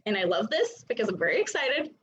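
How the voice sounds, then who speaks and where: A woman in her thirties coaching a live online class, chatty and animated, with many fillers. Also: on the high side, fast talker, a little hiss or hum. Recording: dull lo-fi sound.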